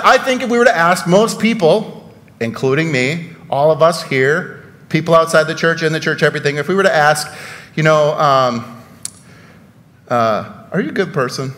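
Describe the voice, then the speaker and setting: A man's voice: on the high side, a bit bright, in a large hall. A man preaching a sermon in a church, conversational and full of rhetorical questions and sarcastic asides. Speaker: pastor.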